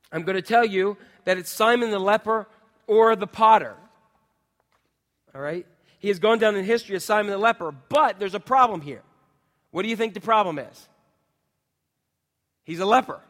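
High-voiced preacher in a reverberant hall. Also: male voice, fairly bright tone. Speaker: pastor. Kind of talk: sermon.

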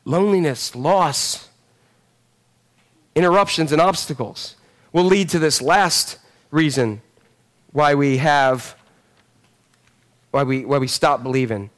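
The middle-aged pastor preaches slowly, leaving long pauses in his sermon. His high, lively voice shifts from loud to hushed, and he animatedly calls out to the people in the pews.

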